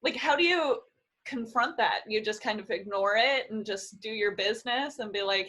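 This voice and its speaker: A woman hosting a casual interview, relaxed and hedging her questions. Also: mid-range voice, moderate pace, low-quality recording. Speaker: podcast host.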